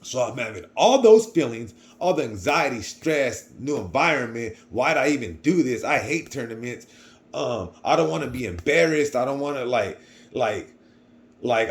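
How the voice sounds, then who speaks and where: A young man telling a personal story to camera in a casual, rambling way, often repeating himself. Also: mid-range voice. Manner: rambling, repeats words, swings between quiet and loud. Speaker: vlogger.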